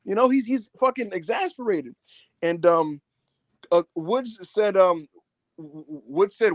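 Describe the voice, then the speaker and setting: Animated man recapping wrestling. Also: high voice, normal speed, dry recording. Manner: animated storytelling with acted-out quotes. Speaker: podcast co-host. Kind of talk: casual wrestling review chat.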